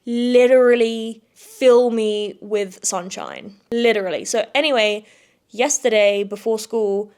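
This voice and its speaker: A woman's voice: on the high side, steady tone, slow pace, a little mellow, clean tone. A young woman, hosting a casual solo podcast in a chatty, effusive way, repeating words for emphasis. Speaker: podcast host.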